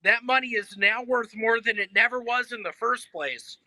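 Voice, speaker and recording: A man doing a stand-up set, delivering deadpan one-liners with hesitant fillers between jokes. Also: extremely high pitch, normal speed, a little hiss or hum, rough recording. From Memphis, Tennessee. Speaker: stand-up comedian.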